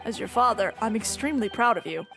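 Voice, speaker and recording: A woman's voice: fairly high pitch, expressive, fast talker, creaky, fairly bright tone, faint music behind, voice pushed down. A woman voicing a proud older father in a game.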